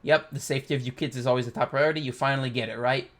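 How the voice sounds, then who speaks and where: A man voicing an old male navy vice admiral who speaks in steady, protective, clipped orders while reading a comic aloud. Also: medium pitch, rapid-fire, natural voice. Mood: resolute.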